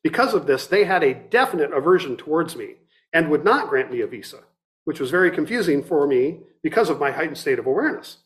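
A middle-aged man who teaches meditation offers a dharma talk, measured and reflective, stopping to restart frequently and reading some from a book. His slightly high voice is very animated.

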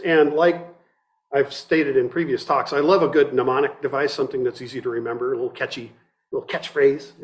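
A middle-aged man, a meditation teacher, giving a dharma talk in a reflective, measured way with frequent restarts, partly reading from a book. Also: medium pitch.

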